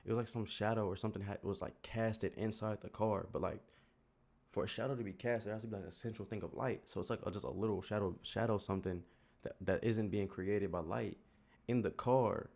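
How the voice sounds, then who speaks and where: A man's voice: on the low side, steady tone, fairly quick, vocal fry, darkish tone. A young man with a Southern US accent telling a story in a rambling, slangy way full of filler words. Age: young adult. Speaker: YouTuber. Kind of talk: casual storytelling.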